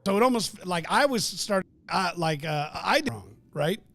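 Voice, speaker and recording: A man co-hosting a podcast, talking in an earnest, reflective and halting way. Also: high voice, animated, gravelly, fairly bright tone. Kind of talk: casual podcast chat.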